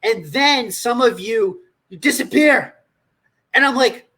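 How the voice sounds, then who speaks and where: A man speaks on a livestream as a nutrition coach, with a husky, slightly rough voice. His talk is blunt and profane, and he scolds his listeners directly. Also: very high voice, animated, slow pace, pushed and bright.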